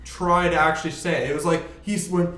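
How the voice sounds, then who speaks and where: A man's voice: fairly high pitch, fairly even intonation, fast talker, a bit bright. A young man co-hosting a casual podcast chat, rambling through stories with fillers and restarts. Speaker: podcast co-host. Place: room shared by a group of friends. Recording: echoey room.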